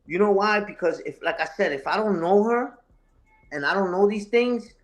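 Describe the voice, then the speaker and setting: A man with a high-pitched voice speaks at normal speed while answering a live chat. He's an online content creator appearing as an interview guest, and his unscripted talk is heated, profane, and confrontational, with phrases repeated for emphasis.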